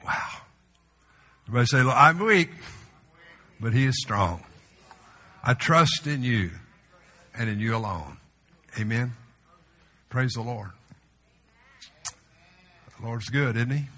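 A male pastor preaching a sermon in a church, conversational with humorous asides, sometimes dropping to a soft, slow voice. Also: medium pitch, expressive. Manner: drops to a soft, slow voice for tender moments. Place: church sanctuary. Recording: long reverb of a large hall.

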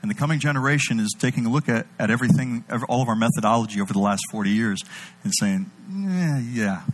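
A man preaching a sermon, animated, swinging between loud emphatic bursts and low intimate delivery. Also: rapid-fire, poor audio.

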